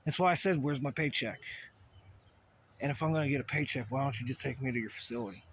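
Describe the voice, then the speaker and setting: A man's voice: mid-range voice, fast talker, a bit bright, slight background noise. A man ranting in a rambling solo monologue, profane and agitated, full of asides and restarts. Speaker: vlogger.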